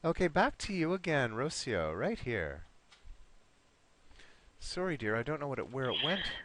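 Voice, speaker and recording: A man's voice: mid-range voice, big pitch swings, normal speed, very noisy. A man teaching an online English vocabulary class, patiently repeating words and encouraging his students.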